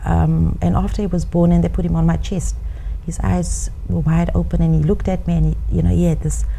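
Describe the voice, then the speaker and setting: A middle-aged woman in an interview, recalling her experience in a reflective, measured way with some fillers. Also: fairly low pitch, little pitch movement, vocal fry, mellow, a little hiss or hum, poor audio. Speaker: interviewee and author. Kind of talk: interview testimony.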